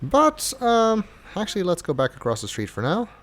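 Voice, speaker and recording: A man's voice: high-pitched, sing-song, brisk. A man giving casual gameplay commentary as a let's play host, with chatty, wry asides.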